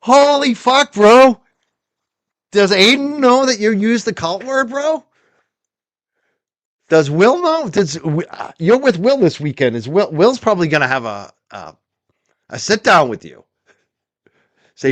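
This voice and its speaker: A male stream host mocks a clip with sarcastic commentary, laughing often. His voice sits high for a man. The sound is dry and close. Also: very animated, measured pace, long pauses, no echo. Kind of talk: reaction commentary.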